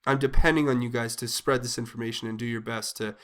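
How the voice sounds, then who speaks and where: A man's voice: mid-range voice, fairly even intonation, fast. A man hosting a political commentary channel, speaking in an agitated, indignant monologue with frequent restarts and repetitions. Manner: agitated, indignant, repeats himself with many restarts.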